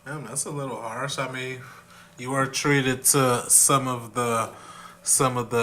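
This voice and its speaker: A man's voice: medium pitch, steady tone, measured pace, bright, forceful tone, a little hiss or hum. A man co-hosting a wrestling podcast in casual chat. He is laid-back, backing up his partner and laughing along. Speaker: podcast co-host.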